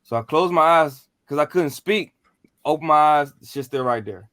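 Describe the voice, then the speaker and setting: A man's voice: a little high, moderate pace, dry recording. Profane man telling a ghost story casually. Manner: animated, profane, slangy, acts out what he said.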